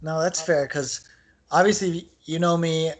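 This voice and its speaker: A man co-hosting a podcast in casual sports chat, talking in an animated, rambling way with lots of filler words. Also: on the high side, measured pace. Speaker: podcast co-host.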